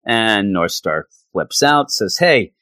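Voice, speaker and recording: Man, podcast host, sarcastic comic recap, lively pitch, dry close sound. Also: measured pace, dry recording. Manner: sarcastic, exasperated, stammering restarts. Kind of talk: casual comic book recap.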